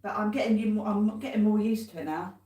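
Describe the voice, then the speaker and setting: A woman's voice: mid-range voice, fast, mellow. A cheerful woman chatting casually as co-host on a livestream, poking fun at herself. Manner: cheerful, self-mocking, laughs often. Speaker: co-host, host's wife. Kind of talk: casual live chat. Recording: echoey room, faint noise.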